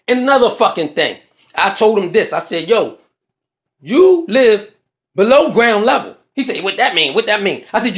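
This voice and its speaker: A man's voice: high-pitched, sing-song, fairly quick, a bit bright. A man with a Philadelphia accent telling a comedic story, profane and full of slang, acting out both sides of an argument.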